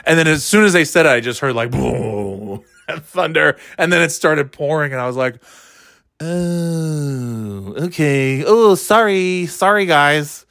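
A middle-aged man hosting a podcast and telling stories casually, rambling and swearing, and jumping into a high shout when he acts out his own outbursts. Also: animated, moderate pace, vocal fry, no room sound, clean studio sound. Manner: rambling and profane, with frequent fillers. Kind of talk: casual comedic storytelling.

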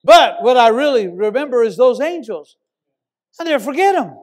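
Middle-aged male pastor, high voice, emphatic sermon storyteller. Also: sing-song, normal speed. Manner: emphatic storytelling, repeats words for stress.

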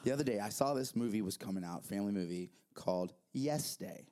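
A man, a worship leader and youth director co-hosting a church podcast, telling stories in an animated, self-mocking way. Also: lowish voice, brisk. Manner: animated storyteller, jokey, laughs at himself. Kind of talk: casual church podcast chat.

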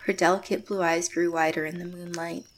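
An actress playing a closed-off, reserved young woman, narrating her story in first person in a quiet, measured way. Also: on the low side, level tone, a little hiss or hum, natural voice. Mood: guarded. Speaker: narrator and lead character.

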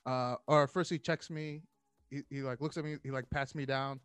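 A man's voice: mid-range voice, normal speed, clear, resonant tone, no echo. A man in his thirties casually telling a story in a podcast chat, acting out what people said and laughing often. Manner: animated storyteller, acts out quotes, laughs often.

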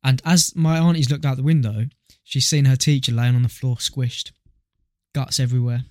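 A man's voice: mid-range voice, steady tone, normal speed, a little mellow, dry recording, clean studio sound. A young man co-hosting a podcast in casual chat, joking, swearing freely and telling stories with relish. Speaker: podcast co-host.

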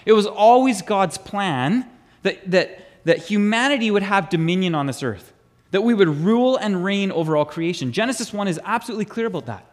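Pastor, male, high animated voice; chatty sermon delivery that quizzes the room. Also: a little fast. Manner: chatty, asks the congregation questions, repeats words. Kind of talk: conversational sermon.

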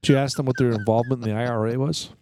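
A man's voice: medium pitch, fairly even intonation, rapid-fire, darkish tone, slight background noise. A man co-hosting a podcast in casual chat, teasing the others with crude jokes. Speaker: podcast co-host.

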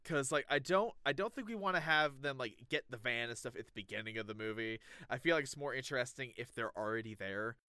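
A man with a bright, crisp voice co-hosts a casual podcast chat, rambling a little and hunting for the right words as he pitches ideas. He is recorded close and dry. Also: fast, hardly any pauses, no echo. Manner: rambling, searches for words, laughs easily. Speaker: podcast co-host.

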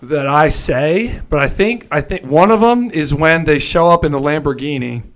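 A man co-hosting a casual movie podcast, chatty and quick to laugh. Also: on the high side. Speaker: podcast co-host.

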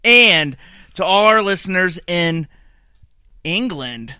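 A man co-hosts a casual podcast with a bright, slightly high voice. He laughs easily and tosses in short quips. The sound is close and dry. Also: lively intonation, takes it slowly, smooth, dry recording. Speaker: podcast co-host. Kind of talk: casual chat.

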